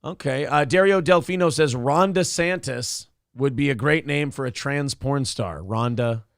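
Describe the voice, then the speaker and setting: With a fairly high, gravelly yet smooth voice at a moderate pace, this male morning-show co-host keeps things loose and jokey. He swears, chats casually, and reads out comments from viewers. The clean studio audio has no room sound.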